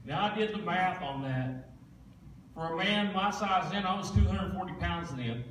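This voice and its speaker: A man's voice: high-pitched, animated, moderate pace, fairly bright tone, a little hiss or hum. Folksy man in his forties, speaking from a distance in a reverberant sanctuary. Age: 40s. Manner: plain-spoken storytelling, folksy Southern phrasing. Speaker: guest speaker. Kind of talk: testimony in a church service. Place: church sanctuary. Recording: echoey church room, distant mic.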